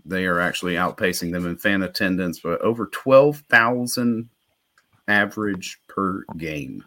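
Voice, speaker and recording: A man co-hosting a sports talk show, relaxed and quick to laugh. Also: sits low. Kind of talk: casual sports chat.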